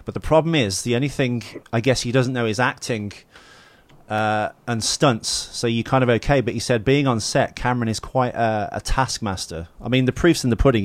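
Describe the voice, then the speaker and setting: A man's voice: medium pitch, no room sound. A man hosting an interview, asking long, rambling, chatty questions. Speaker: interviewer, podcast host. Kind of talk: casual interview.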